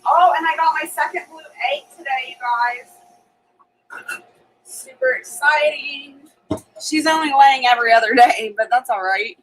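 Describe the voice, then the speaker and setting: A woman's voice: high-pitched, unhurried, a bit bright, rough recording. A woman hosting a homestead channel, chatting casually on a live stream from her home kitchen and laughing often as she reads viewer comments.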